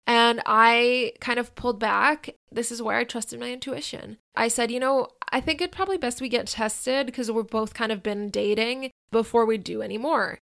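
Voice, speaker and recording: A woman in her thirties tells a personal story on her podcast in a loose, chatty way. Her voice sits a little high and has a gravelly fry. She drops in lots of fillers and acts out what other people said. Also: fairly even intonation, moderate pace, hardly any pauses, fairly bright tone. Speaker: podcast host. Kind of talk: casual storytelling.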